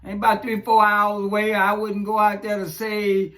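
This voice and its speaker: A man's voice: high voice, completely flat delivery, normal speed, sharp tone. A man, ranting profanely in casual commentary, chuckling and rambling as he goes. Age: 40s. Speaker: social media commentator.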